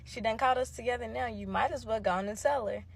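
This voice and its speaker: A woman's voice: fairly high pitch, fast, vocal fry, breathy edge. A woman voicing a brash young woman who taunts her best friend with defiant, boastful talk. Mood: taunting.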